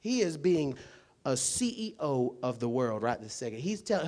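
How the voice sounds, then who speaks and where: A man preaching a sermon in a colloquial, emphatic way, dropping to quiet asides and rising to loud, shouted points full of rhetorical questions. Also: mid-range voice, sing-song, normal speed.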